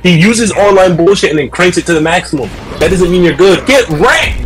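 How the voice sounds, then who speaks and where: A man on a headset mic giving loud, heated live commentary on fighting-game matches, shouting often, repeating himself and trash-talking with profanity. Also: sits high, brisk, hardly any pauses, soft background music. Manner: loud, excitable trash-talk with frequent shouting.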